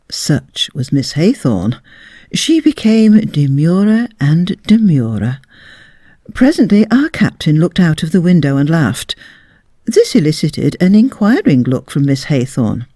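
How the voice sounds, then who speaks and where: A narrator reading a period story aloud with expressive delivery. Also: mid-range voice, no echo, clean studio sound.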